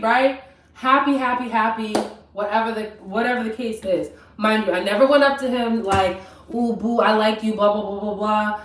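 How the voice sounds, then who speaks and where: A woman's voice: a little high, normal speed, far from the mic. Chatty young woman in a roomy kitchen. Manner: chatty, animated, talks straight to viewers. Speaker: vlogger. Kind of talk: casual story time on a live stream. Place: home kitchen. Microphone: camera mic at a distance. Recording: roomy, from off mic.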